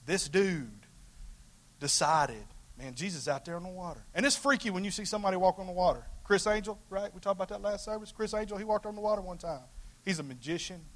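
A male pastor delivering a sermon in a high, bright voice. He preaches with emphatic, dynamic swings from loud calls to quiet asides. His phrasing stays casual and folksy throughout. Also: expressive, a little fast.

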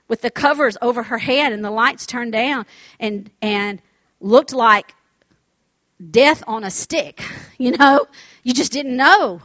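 A woman preaching a sermon with insistent repetition and calls for the congregation's response. Her voice sits fairly high. The recording is dry and slightly muffled. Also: a bit bright, no echo.

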